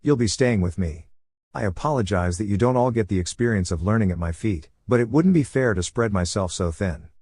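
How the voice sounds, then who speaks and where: A man's voice: lowish voice, lively intonation, brisk, a little mellow, breathy edge. A man voicing a laid-back male ninja teacher with a dry, teasing manner.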